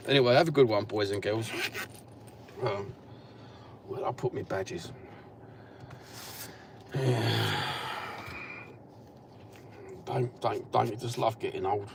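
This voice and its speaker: A middle-aged Cockney man with a low, gravelly voice chats casually from inside a car. He rambles in a blunt, sweary way. Road and engine noise hum clearly behind him. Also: a little slow, pauses often. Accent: Cockney East London. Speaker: vlogger. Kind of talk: casual chat while driving.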